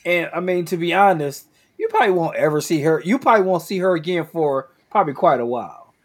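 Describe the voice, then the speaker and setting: A man in a casual podcast chat, thinking aloud in halting phrases and repeating himself. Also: on the high side. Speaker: podcast co-host.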